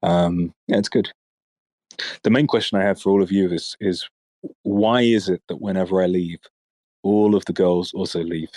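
A man with a British accent and a deep baritone voice, teasing the others in deadpan casual chat on a group voice call. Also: normal speed, no echo.

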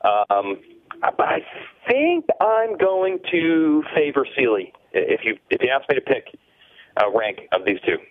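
A man talking through his sports picks in an even, reasoning way, heard as a co-host. His voice comes through a thin, phone-like line. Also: medium pitch, measured pace. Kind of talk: casual sports chat.

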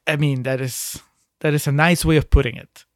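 A man's voice: a little high, fairly even intonation, moderate pace, dry recording, studio quality. A man co-hosting a casual movie podcast, critical and chatty, often laughing as he talks. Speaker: podcast co-host.

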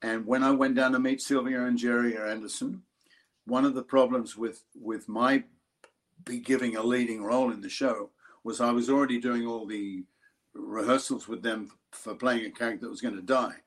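An older Australian actor telling a lively story in an interview, acting out other people's voices. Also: male voice, medium pitch, moderate pace. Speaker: actor guest. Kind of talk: interview anecdote.

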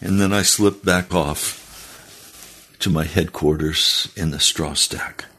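Slow, husky-voiced pastor preaching. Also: male voice, fairly even intonation, pushed and bright. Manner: earnest, pleading, rises in pitch when exhorting. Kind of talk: sermon with read-aloud testimony.

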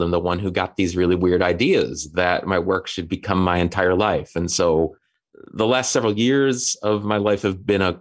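Deep-voiced thoughtful male guest. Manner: thoughtful, measured answers with small restarts. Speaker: author and religion scholar, guest. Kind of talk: conversational interview.

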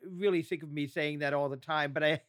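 A man's voice: on the high side, steady tone, a little fast, fairly bright tone, smooth. A man hosting an interview, asking questions with many restarts and small hesitations. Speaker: host. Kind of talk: casual interview.

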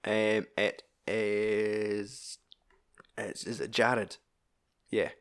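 A man's voice: lowish voice, steady tone, drawn-out words, fairly bright tone. A Scottish man in casual film-discussion chat, swearing freely as he retells scenes with animation.

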